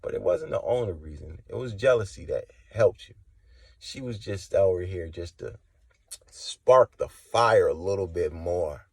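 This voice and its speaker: A man giving impassioned spoken testimony, preachy and confrontational, swinging from low and quiet to loud and high. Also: lively intonation, measured pace, breathy edge, dry recording. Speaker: religious testimony vlogger.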